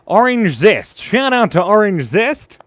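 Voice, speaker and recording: A goofy man hosting a live stream, his voice leaping around with lively, bouncing intonation. He chatters playfully to viewers while he draws. The sound is close and dry, with no room echo. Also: high voice, a little slow. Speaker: live-stream drawing host. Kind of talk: casual live-stream chat while drawing.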